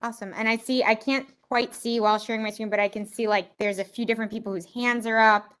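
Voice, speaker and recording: A woman's voice: fairly high pitch, steady tone, quick pace, fairly bright tone, smooth. A woman facilitating an online community meeting, chatty and self-deprecating, talking over a video call.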